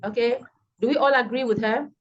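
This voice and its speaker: A woman's voice: a little high, steady tone, brisk, muffled recording. A woman with a Nigerian accent teaching an online English lesson, explaining patiently and often checking that students understand. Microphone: video call.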